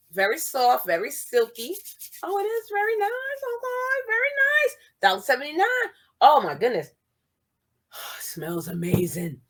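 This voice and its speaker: A chatty woman talks casually through her bargain shopping haul. She reads product labels aloud and repeats each price. Her pitch sits at an ordinary middle level for a woman. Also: fairly bright tone. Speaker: vlogger showing a shopping haul.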